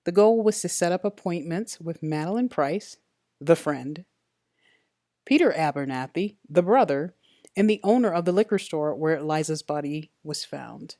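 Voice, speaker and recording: A woman reading a first-person detective novel aloud in a steady, matter-of-fact way. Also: deep voice, moderate pace, no echo, studio quality. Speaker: audiobook narrator. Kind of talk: first-person audiobook narration.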